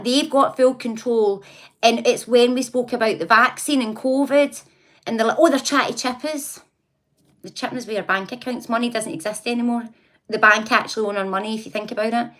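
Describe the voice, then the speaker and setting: A woman's voice: fairly high pitch, fairly bright tone. Chatty woman livestreaming. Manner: chatty, laughs often, talks back to viewers. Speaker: livestream host. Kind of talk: casual livestream chat.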